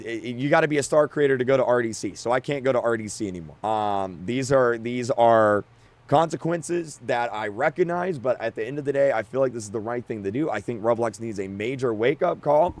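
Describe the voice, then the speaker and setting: A man's voice: medium pitch, brisk. A young man, a game creator, giving a frustrated, emotional rant that is full of restarts and stammers. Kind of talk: on-camera rant.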